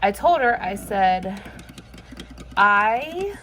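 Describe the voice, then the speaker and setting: A woman's voice: mid-range voice, sing-song, extremely slow, a bit bright, a little hiss or hum, low-quality recording. A woman vlogging casually in her kitchen, venting with frustration and swearing freely. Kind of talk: casual chat. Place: home kitchen.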